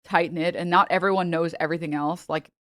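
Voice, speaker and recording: A young woman streamer giving casual, joking reaction commentary, chatty and quick to laugh. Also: fairly low pitch, steady tone, a bit bright, no echo, studio quality.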